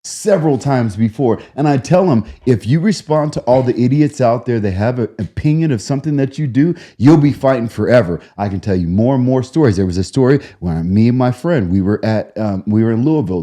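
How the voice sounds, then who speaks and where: A middle-aged man co-hosting a podcast, telling stories in a lively, repetitive way. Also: mid-range voice, a little fast, few pauses. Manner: animated storyteller, repeats words when excited. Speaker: podcast co-host. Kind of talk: casual podcast chat, storytelling.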